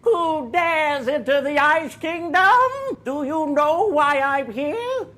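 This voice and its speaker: A man voicing a lonely old male ice wizard in a high, keening voice with drawn-out, grand old-film diction. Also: expressive, sharp tone, full character voice. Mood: imperious.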